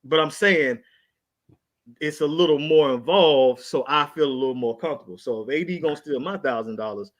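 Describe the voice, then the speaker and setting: A man with a Southern US accent, chatting on a podcast in an animated, joking, slangy way. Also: fairly high pitch, brisk. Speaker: podcast co-host. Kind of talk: casual chat.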